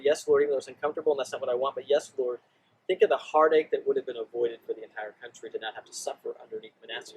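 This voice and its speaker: A man teaching a Bible story in a casual, animated way, acting out the quotes. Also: medium pitch, a little hiss or hum, poor audio. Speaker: youth ministry teacher.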